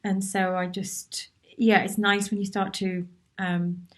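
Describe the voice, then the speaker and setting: A woman's voice: medium pitch, flat delivery, slow. Chatty woman hosting a live Q&A. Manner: chatty and encouraging, with many restarts and asides; reads out viewers' comments and replies to them. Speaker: workshop host answering viewer questions. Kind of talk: casual live Q&A.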